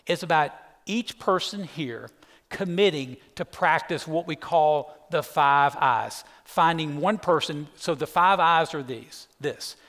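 Middle-aged pastor with a slightly high voice. He preaches emphatically in an echoey church hall. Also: takes it slowly, fairly bright tone. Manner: emphatic storyteller, keeps saying "listen". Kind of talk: sermon with a personal story. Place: church sanctuary.

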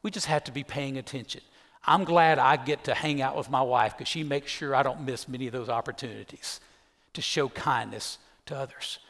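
A man's voice: medium pitch, normal speed, a bit bright. A middle-aged man, preaching a sermon as pastor and telling a personal story with emphatic energy. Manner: emphatic storyteller, keeps saying "listen". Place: church sanctuary. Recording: echoey church hall.

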